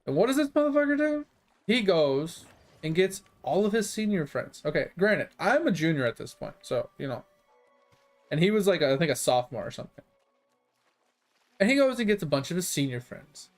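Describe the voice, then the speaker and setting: A young adult man who streams games, telling profane, animated stories in casual chat. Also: sits high, normal speed, soft background music. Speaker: gaming streamer. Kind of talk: casual storytelling.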